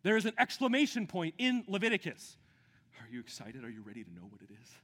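A man preaching a sermon with great enthusiasm, dropping to a hush and then building to shouts. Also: on the high side, huge pitch swings, quick pace, in a large hall. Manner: enthusiastic, swings from hushed to shouting. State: out of breath. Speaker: pastor.

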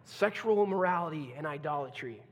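A man's voice: a little high, lively intonation, brisk. Male pastor delivering a dramatic sermon with acted-out quotes, in a church sanctuary with a long hall reverb. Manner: dramatic, acts out quoted voices, swings from loud to hushed.

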